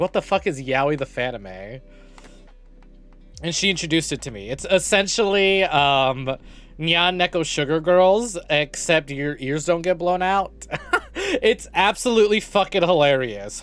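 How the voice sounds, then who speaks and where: A man's voice: a little high, fairly bright tone. A young man streaming live, greeting his chat over and over and rambling jokily with lots of swearing. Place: home streaming setup.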